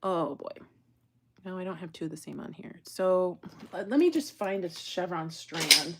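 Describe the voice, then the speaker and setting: Lady doing a live bead stream, kinda low voice, rambly and chatty, bit of faint hiss behind. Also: normal speed, a bit bright. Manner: chatty, rambling, exasperated asides to viewers. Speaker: jewelry-making livestream host. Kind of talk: casual live crafting chat.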